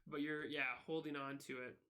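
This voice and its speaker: Bright-voiced male game master. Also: fairly high pitch, little pitch movement, brisk, smooth. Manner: loose, rambling, many fillers. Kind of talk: narrating a tabletop game.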